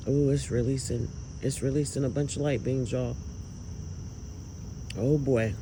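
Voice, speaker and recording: A man filming outdoors at night, talking to viewers in an emotional, awed, exclaiming way with drawn-out words. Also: medium pitch, warm tone, slight background noise, low-quality recording. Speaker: vlogger filming lights at night. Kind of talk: excited casual commentary to viewers.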